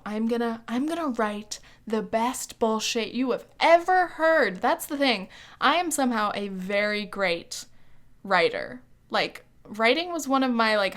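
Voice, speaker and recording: A young woman in her early twenties talks through a casual podcast monologue with a slightly high voice. She is snarky and swears freely, and she fills her sentences with "like". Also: fairly bright tone. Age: early 20s. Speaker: podcast host.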